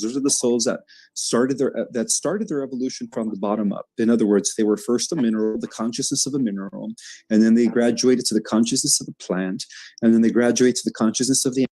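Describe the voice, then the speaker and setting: A man giving a calm, measured spiritual explanation in an interview, with many fillers. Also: medium pitch, no room sound, poor audio. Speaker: spiritual speaker in an interview clip.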